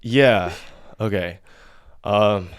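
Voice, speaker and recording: A man's voice: fairly low pitch, very slow, smooth. A man hosting a podcast who questions his guest bluntly and skeptically, swearing freely. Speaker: podcast host. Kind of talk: casual interview questioning.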